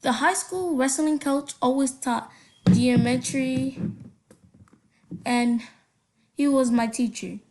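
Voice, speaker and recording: Slow, giggly young woman reading aloud. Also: high voice, a little mellow, slight background noise. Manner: halting read-aloud with slips and giggly asides. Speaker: reader of funny stories.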